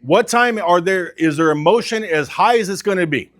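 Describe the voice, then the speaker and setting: A man's voice: high voice, lively intonation, normal speed, a bit bright. A man coaching car salespeople, talking with energy and urgency and acting out sales calls. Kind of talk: sales training talk.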